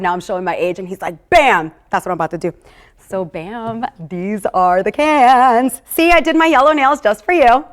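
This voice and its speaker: A woman hosting a live wine tasting in a casual, upbeat way. She talks straight to her viewers and drifts into personal stories and asides. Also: medium pitch. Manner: talks straight to viewers, calling them "you guys".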